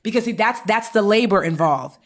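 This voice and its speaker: A woman co-hosting a podcast who gives casual financial advice and acts out her own inner thoughts with lively quoted asides. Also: medium pitch, moderate pace.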